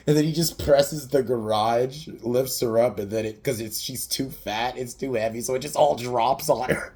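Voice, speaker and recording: A man's voice: lowish voice, normal speed. A man casually recapping a comedy movie on a podcast, rambling, swearing and laughing as he goes. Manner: rambling, laughs often, swears, quotes scenes in mocking voices. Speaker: podcast host reviewing a movie.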